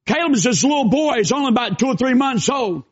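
An older man preaching a sermon, with folksy asides and shouted bursts. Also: very high voice, expressive, quick pace, slightly rough. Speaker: pastor. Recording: dull lo-fi sound.

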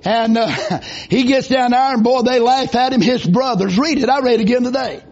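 A man preaching a revival sermon in church, folksy and rising into shouted bursts. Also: very high voice, moderate pace. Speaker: visiting preacher. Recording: dull lo-fi recording.

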